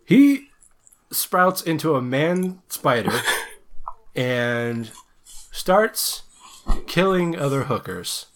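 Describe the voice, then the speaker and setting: Slow, animated man recapping a film. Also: medium pitch. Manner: rambling, laughing, crude jokes, frequent ums and restarts. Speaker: podcast co-host. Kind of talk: casual movie review chat.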